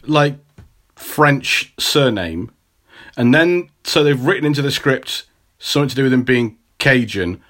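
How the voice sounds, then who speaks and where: Wry male co-host, animated pitch, easygoing chat. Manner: lively, wry, trails off lower at sentence ends. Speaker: podcast co-host. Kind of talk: casual chat.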